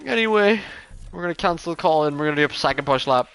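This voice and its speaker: A man live-streaming a racing game, talking to his chat, excitable and foul-mouthed, swinging from yelling to muttering. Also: a little high, very fast, faint music behind. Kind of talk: live gaming commentary to chat.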